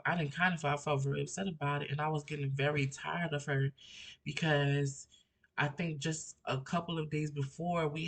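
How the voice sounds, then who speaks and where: Young man rambling through a story. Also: on the high side. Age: 20s. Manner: rambling, emotional retelling full of fillers and restarts. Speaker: vlogger. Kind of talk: personal story-time vlog. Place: at home.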